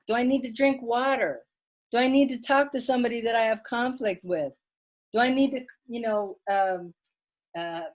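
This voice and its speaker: A woman giving an online wellness workshop talk from home, chatty and plain-spoken, reading viewer comments aloud. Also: fairly high pitch.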